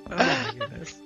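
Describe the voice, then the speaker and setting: A man co-hosting a podcast in casual chat, joking and playful, with bursts of laughter. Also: very high-pitched. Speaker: podcast co-host. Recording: slightly lo-fi with faint music.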